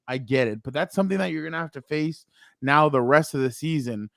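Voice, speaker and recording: A man's voice: fairly high pitch, lively intonation, a little fast, gravelly, a bit bright, no echo, studio quality. A man co-hosting a sports podcast, chatting casually and rambling with lots of fillers and restarts.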